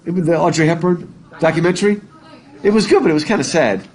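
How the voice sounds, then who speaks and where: A man's voice: on the high side, fast, darkish tone, poor audio. A male literature teacher talking casually and ramblingly to his class, laughing easily. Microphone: masked, recording his own class.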